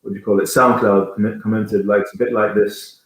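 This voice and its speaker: Low-voiced man in an echoey room. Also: level tone, a little fast. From Jamaica. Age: 30s. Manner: rambling, searching for words, many restarts. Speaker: guest, band singer. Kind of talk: casual interview chat.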